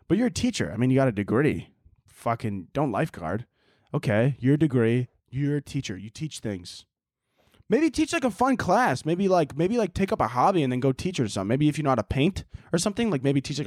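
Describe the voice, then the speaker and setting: A man hosting a podcast, swearing freely as he rants sarcastically through listener questions. His pitch leaps up and down constantly. The sound is close and dry, with no room around it. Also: sing-song, fairly quick, no echo. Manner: profane, sarcastic ranting. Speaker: podcast host. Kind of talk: casual advice segment.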